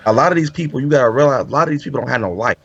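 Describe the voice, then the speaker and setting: A man's voice: medium pitch, lively intonation, very fast, creaky, fairly bright tone, breathy edge, highs cut off. A man co-hosting a talk show, speaking in laid-back street slang and repeatedly saying "you know what I'm saying.". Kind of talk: casual talk show chat.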